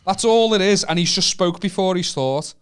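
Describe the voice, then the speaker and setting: A man's voice: high voice, normal speed, clean tone. A man from the north of England, co-hosting a comedy podcast, ribbing his friend in sweary casual banter. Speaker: podcast co-host.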